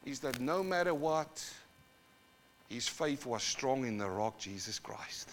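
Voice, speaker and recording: A pastor with a New Zealand accent, born in South Africa, preaching a live sermon in church and swinging from quiet to loud, dramatic urging. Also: male voice, mid-range voice, animated, slow. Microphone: live sermon recording.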